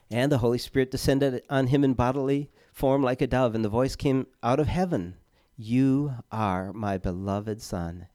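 A man gives a relaxed, conversational sermon in a mellow, warm voice. He speaks haltingly, with fillers and repeated words, and leans earnestly on key words. The sound is dry and close, with little room around it. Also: mid-range voice, dry recording. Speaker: preacher.

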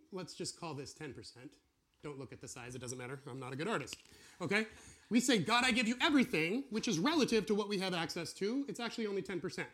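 A man teaching a casual sermon, drawing on a board as he talks and acting out what God and believers say. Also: fairly high pitch. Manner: animated, acts out voices of God and believers. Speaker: preacher teaching a series.

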